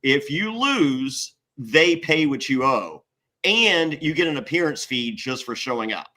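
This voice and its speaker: A man in casual chat, telling a story with energy, swearing freely and jumping up high to act out what others said. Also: unhurried. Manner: animated, swears, acts out other people's lines in high voices. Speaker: guest.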